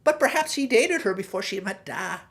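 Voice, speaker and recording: A woman's voice: mid-range voice, sing-song, moderate pace, fairly bright tone. A woman playing a chatty middle-aged Irish pig farmer in a stage Irish accent, telling a rambling comic story. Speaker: guest host. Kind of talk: comic monologue in character.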